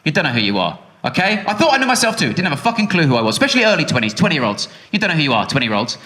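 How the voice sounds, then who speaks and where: Animated comic in his thirties. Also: fairly high pitch, rapid-fire. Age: 30s. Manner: exasperated, swearing, animated. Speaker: stand-up comedian. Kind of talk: stand-up comedy. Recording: echoey club with noise.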